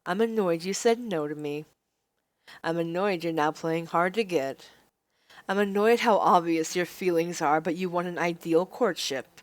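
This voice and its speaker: A woman's voice: lowish voice, normal speed, no room sound, pitched below the performer's own voice, lightly acted. A woman reading as an arrogant, domineering young nobleman. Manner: cold, domineering, menacing threats. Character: arrogant manipulative young male noble, controlling. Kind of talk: visual novel read-aloud.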